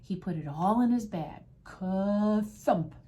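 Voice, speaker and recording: A woman from a school staff reading a Halloween storybook aloud with an expressive delivery. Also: on the low side, moderate pace.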